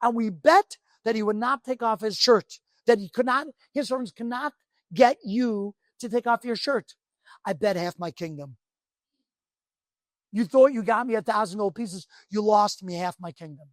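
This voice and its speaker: A man's voice: high-pitched, normal speed, a bit bright, dry recording. A man doing a stern commanding king. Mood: furious. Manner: stern, orders and scolds. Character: commanding old king, quick to fury.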